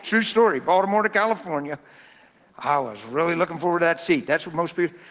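A man preaching a sermon through folksy, animated personal stories. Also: on the high side, quick pace. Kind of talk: storytelling sermon.

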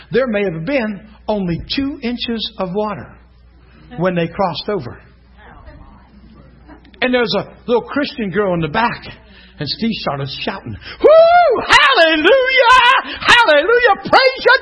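A middle-aged male pastor preaching an animated sermon, telling stories with shouts and laughter. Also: high-pitched, husky. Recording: dull lo-fi sound, faint congregation.

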